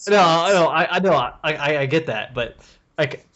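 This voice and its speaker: A man's voice: fairly high pitch, normal speed, a bit bright. A man hosting a podcast, talking in loose, profane, casual banter and laughing easily. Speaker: podcast host.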